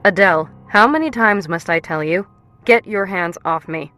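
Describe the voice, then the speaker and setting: Audiobook: woman doing a self-assured businessman, low-ish, firm. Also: moderate pace, pushed and bright, dry recording, faint music behind. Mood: irritated.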